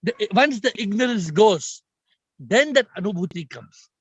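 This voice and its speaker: A man's voice: high-pitched, expressive, a little slow, husky, no room sound. A man giving an emphatic spiritual talk on a group video call, repeating points and speaking straight to his listeners. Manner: emphatic, repetitive, addresses listeners directly. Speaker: spiritual teacher.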